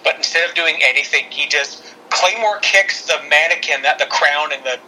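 A man with a very bright, sharp voice, pitched a little high, chatting casually on a podcast. He jokes and pokes fun at himself. A faint hiss sits under the recording. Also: normal speed, rough recording. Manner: chatty, joking, self-deprecating. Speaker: podcast co-host.

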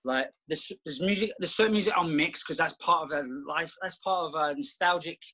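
High, bright-voiced middle-aged man. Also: a little fast, low-quality recording. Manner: rambling, reflective, many restarts. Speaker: guest. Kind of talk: casual conversation.

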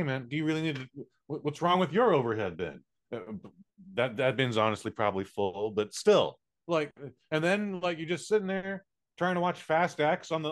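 A man co-hosting a casual podcast, ranting bluntly with plenty of swearing. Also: a little high. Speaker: podcast co-host. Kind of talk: casual chat.

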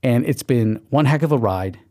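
A podcast host with a medium-pitched, dark-toned voice gives an animated motivational pep talk at normal speed. He's emphatic, repeats "okay" often, and acts out quoted inner voices in his monologue.

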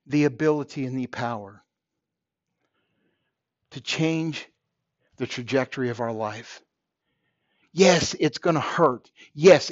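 A man's voice: a little high, no echo, lo-fi sound. A man hosting a podcast, delivering an earnest motivational monologue and repeating phrases for emphasis. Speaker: podcast host.

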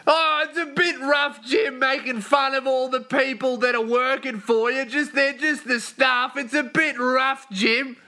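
A man imitating an indignant male heckler shouting from an arena crowd in a whiny, strained voice. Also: very high voice, steady tone, measured pace, hardly any pauses, voice pushed up, full character voice.

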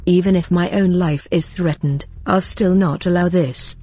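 Woman doing a determined male robot fighter, low husky read, homemade story. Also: steady tone, normal speed, mellow, faint music behind. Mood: defiant. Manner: challenging, determined. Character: defiant armored male robot warrior.

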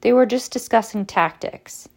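A woman reading aloud and voicing a clever teenage schoolgirl witch who explains things briskly and scornfully. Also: fairly high pitch, gravelly, darkish tone, pitched above the performer's own voice.

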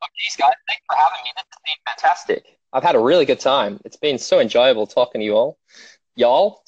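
A man's voice: medium pitch, animated, a little fast, husky, no room sound, dull audio. An Australian man putting on an overly polite, cheery American man, with an exaggerated, gushing American twang.

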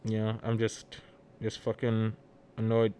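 A man's voice: lowish voice, completely flat delivery, slow pace, mellow, clean tone, dry recording. A young man hosting a solo podcast, ranting about his job in a profane, exasperated, rambling way. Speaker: podcast host. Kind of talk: solo venting rant.

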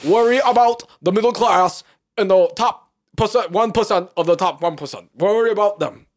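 Casting: man putting on a strained, shouty old politician, voice pushed high, insistent tone. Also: moderate pace, close to an everyday voice. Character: impression of an elderly male politician, raspy and insistent. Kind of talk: comic impression.

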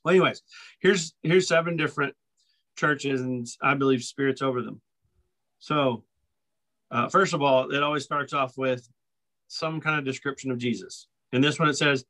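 A man's voice: medium pitch, moderate pace, fairly bright tone, low-quality recording. A man co-hosting a podcast who teaches from the Bible in a casual way. He reads scripture passages aloud and repeats his points with emphasis. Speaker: podcast co-host.

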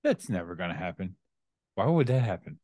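A man's voice: sits low, very animated, brisk, dark tone, no echo, clean studio sound. A middle-aged man co-hosting a casual father-and-son chat, laid-back and laughing often. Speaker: co-host, father.

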